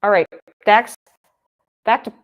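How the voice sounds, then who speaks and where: A young woman talks her way through a live football broadcast. She rambles and thinks out loud and keeps circling back to the action on screen. She sounds like a casual livestream host. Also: medium pitch, slow. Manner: chatty and rambling, thinking aloud. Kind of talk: casual live game commentary.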